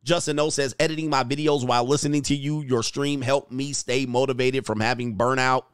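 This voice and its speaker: A man's voice: medium pitch, steady tone, fairly quick, smooth, no room sound, clean studio sound. A man hosting a live stream, reading viewer comments aloud and giving blunt, crude, mocking commentary.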